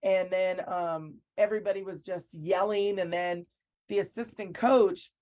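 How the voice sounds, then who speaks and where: A woman with a somewhat low voice tells her story in an interview. She speaks earnestly and acts out what other people said. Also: fairly even intonation, a little slow, a little mellow. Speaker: basketball coach, interview guest. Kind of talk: recounting events in an interview.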